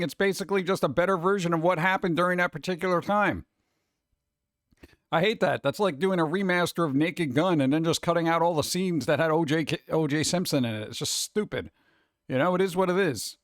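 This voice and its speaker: A man's voice: on the high side, fairly bright tone, dry recording. Chatty ranting streamer man, dry sound. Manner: chatty, ranting, rhetorical questions. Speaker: streamer reading chat. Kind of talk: casual live-stream chat.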